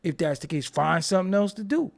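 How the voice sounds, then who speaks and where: A young man hosting a commentary vlog rants bluntly, swearing and repeating himself. His voice is high-pitched and gravelly, and he talks fast.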